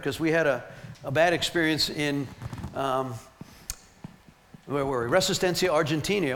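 A man teaching a ministry team and carrying his points through lively, emphatic stories. His voice sits a little high for a man. A faint background noise runs under his talk. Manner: animated, emphatic storytelling with laughs.

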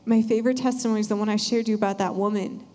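A young woman sharing an earnest, animated church testimony. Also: mid-range voice, rapid-fire. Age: young adult. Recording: hall reverb.

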